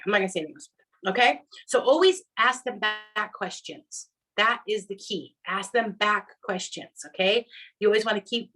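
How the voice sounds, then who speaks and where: A middle-aged sales director gives her team an upbeat, chatty coaching talk, constantly checking in with "right?" and "okay?" and acting out quoted customers in put-on voices. Her voice is fairly high and fairly bright, on a rough recording.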